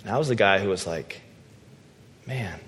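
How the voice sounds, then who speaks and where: A man preaching a sermon in a relaxed, conversational, self-deprecating storytelling way. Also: low voice, fast talker, a little hiss or hum. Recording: long hall reverb.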